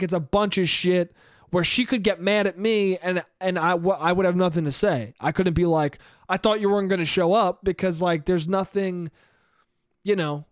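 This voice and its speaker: A young man hosts his podcast alone, telling a long story in a loose, animated way, swearing freely and acting out his own thoughts as he goes. His voice sits a little high for a man. The sound is close and dry, with no room around it. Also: no echo. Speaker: podcast host. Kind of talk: casual storytelling monologue.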